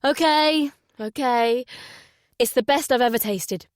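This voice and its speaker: A woman voicing a weary, quiet detective father in an audiobook. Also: fairly high pitch, measured pace, clear, resonant tone, dry recording, clean studio sound, close to an everyday voice.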